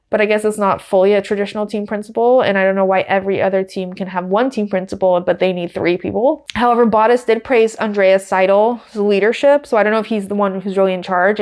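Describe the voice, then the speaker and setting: A woman's voice: mid-range voice, darkish tone. A woman hosting a podcast, giving casual, wry commentary with lots of fillers. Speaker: podcast host.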